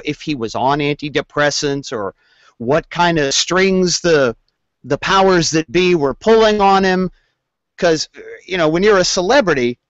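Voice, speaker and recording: A male voice actor with a high voice chats in a jokey, animated way. He speaks from a tiny closet over a video call. The sound is dry and dull. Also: no room sound. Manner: jokey, animated, with laughs and restarts. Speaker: voice actor guest. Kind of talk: casual interview chat. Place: small closet.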